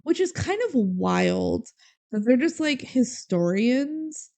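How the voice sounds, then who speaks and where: A woman's voice: on the high side, big pitch swings, slow pace, creaky, a little mellow. A young woman co-hosting a podcast, recapping a movie in casual chat and laughing as she quotes scenes. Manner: chatty, giggly, quotes scenes in small acted voices. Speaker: podcast co-host.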